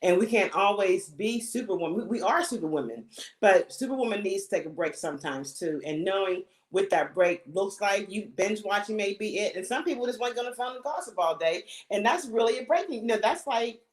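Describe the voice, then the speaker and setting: A woman's voice: mid-range voice, expressive, brisk. A middle-aged woman on a panel of mothers, giving earnest advice in casual talk and often saying "you know". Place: home, video call. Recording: echoey room.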